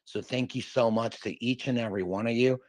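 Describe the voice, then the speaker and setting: A man's voice: medium pitch, fairly even intonation, a little fast, darkish tone, dry recording. Boastful rambling male stream host. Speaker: livestream host. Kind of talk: hyped casual stream talk.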